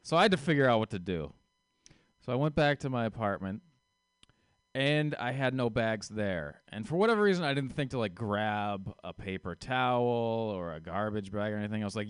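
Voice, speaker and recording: Low, smooth-voiced male comic. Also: lively intonation, fairly quick, no echo. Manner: dry, wry storytelling. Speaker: stand-up comedian. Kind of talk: stand-up storytelling.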